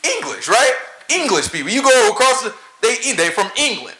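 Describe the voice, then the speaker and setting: A man's voice: very high voice, sing-song, normal speed, sharp tone, echoey room, low-quality recording. A man with a Southern American accent, talking in a casual rant full of preachy rhetorical questions and laughing at his own points. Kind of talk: casual ranting monologue.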